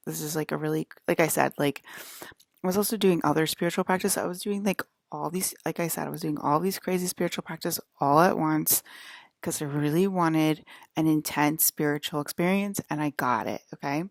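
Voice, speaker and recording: A young woman with a low voice tells a long personal story in loose, casual speech. She rambles and fills her talk with fillers and swearing, and laughs often along the way. The sound is dry and close, with no room around it. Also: vocal fry, no echo. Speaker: vlogger.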